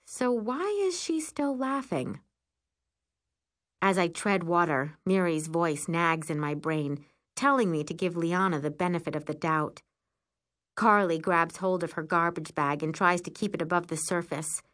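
A woman narrating a first-person storybook in an expressive, lively way. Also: lowish voice, normal speed.

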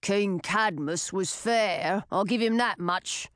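A woman voicing a gruff grown man talking by a campfire in an audiobook. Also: mid-range voice, slow, no echo, studio quality, close to an everyday voice. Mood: grumbling.

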